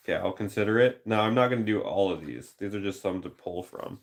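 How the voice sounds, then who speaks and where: A man painter chatting casually on a live stream, musing aloud over viewer suggestions and slipping into quick movie-quote voices. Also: on the low side. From Canada.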